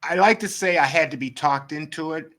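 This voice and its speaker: Animated storytelling man, middle-aged. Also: on the high side, fairly quick. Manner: animated, acts out quoted dialogue. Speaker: photographer guest. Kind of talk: storytelling interview.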